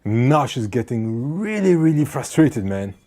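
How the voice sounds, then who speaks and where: A man calmly retelling a run-in with the police in a firm, measured way. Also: mid-range voice. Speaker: vlogger. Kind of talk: storytelling to camera.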